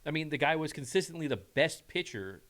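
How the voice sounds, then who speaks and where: A man co-hosting a casual sports chat, talking in a chatty way and agreeing quickly. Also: a little high, animated, fairly bright tone. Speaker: co-host.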